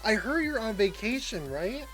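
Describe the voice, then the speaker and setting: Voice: mid-range voice, very animated, moderate pace, a bit bright, soft background music. Rambling, giggly game streamer. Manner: rambling, chatty, laughs often; greets chat viewers by name. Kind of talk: casual livestream chat while gaming.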